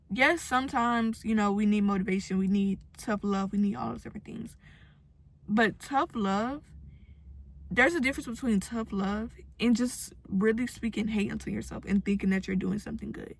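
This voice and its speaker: A young self-help vlogger speaks to her followers at medium pitch with some vocal fry. Her motivational talk is casual yet earnest, and she acts out the voices of the people she quotes.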